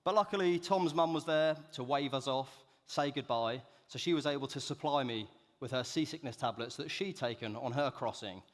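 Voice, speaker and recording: A man's voice: mid-range voice, moderate pace, hardly any pauses. A young man with a mid-range voice jokes at his own expense while telling a story on stage. His voice carries the long echo of a large conference hall. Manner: self-deprecating, joking delivery. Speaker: keynote speaker. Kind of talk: storytelling keynote talk. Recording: echoey hall reverb.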